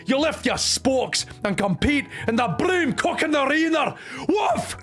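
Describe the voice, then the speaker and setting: A tiny, fluffy male dog professor who barks commands in a shrill, high, yappy voice with a Scottish accent. His pitch leaps all over the place as he yells insults and woofs at the class in a game voiceover. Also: big pitch swings, unhurried, faint music behind, exaggerated voice. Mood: bossy yapping. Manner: barking, shouting, crude tough-love teacher. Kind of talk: voice-acting a visual novel playthrough.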